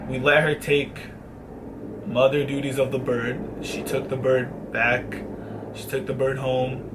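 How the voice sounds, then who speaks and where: A man's voice: mid-range voice, level tone, measured pace, noisy background. A young man vlogging, telling a long casual story with swearing and mock-dramatic sad asides.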